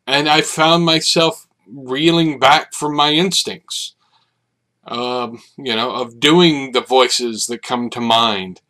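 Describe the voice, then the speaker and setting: A man's voice: medium pitch, slow pace, sharp tone. A man hosting a solo podcast, rambling reflectively with many fillers and restarts. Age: adult, over 30. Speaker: podcast host. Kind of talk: casual solo monologue.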